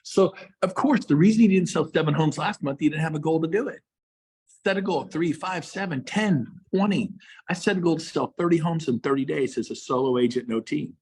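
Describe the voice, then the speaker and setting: A middle-aged man, a realtor, giving a passionate motivational talk with emphatic repeats and big swings in pitch and loudness. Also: fairly quick, slightly rough. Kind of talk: fired-up motivational speech.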